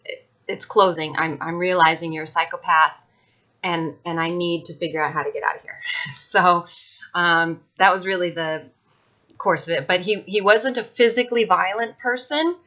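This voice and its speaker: A woman's voice: fairly low pitch, fairly even intonation, normal speed, pushed and bright, dull audio. A woman speaking frankly and emphatically about her own experience in a casual talk to camera, with many fillers and restarts. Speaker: vlogger sharing personal experience.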